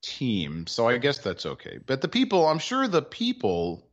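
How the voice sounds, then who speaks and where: A man's voice: mid-range voice, wildly swooping pitch, moderate pace, dull audio. A man co-hosting a podcast, telling a sports story in a wry, rambling way with plenty of filler words. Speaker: podcast co-host. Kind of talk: casual sports chat.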